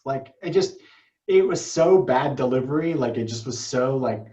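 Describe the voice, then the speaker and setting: A man's voice: fairly high pitch, lively intonation, warm tone, reverberant. Chatty man on a dull, lo-fi recording. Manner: chatty, quick, lots of fillers. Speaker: podcast host. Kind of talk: casual film review chat.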